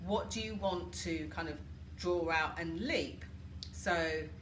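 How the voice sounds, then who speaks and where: A woman's voice: fairly low pitch, slow pace, fairly bright tone. A British woman hosting a live coaching session from home, chatting and asking viewers questions. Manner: chatty, asks listeners reflective questions and greets viewers. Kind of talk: live-stream coaching talk. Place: home, washing machine running nearby. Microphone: laptop or phone camera for a live stream. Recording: roomy home live stream, washing machine hum.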